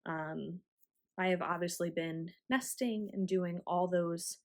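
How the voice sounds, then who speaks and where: A woman around thirty chatting casually as a knitting vlogger, rambling with frequent ums and laughing warmly now and then. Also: lowish voice, fairly even intonation, takes it slowly. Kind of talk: casual chat.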